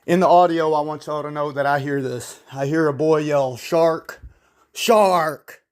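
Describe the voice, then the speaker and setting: A man's voice: a little high, flat delivery, a little fast, a little mellow. A man giving casual video commentary in a blunt, opinionated, rambling way. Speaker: YouTube commentator.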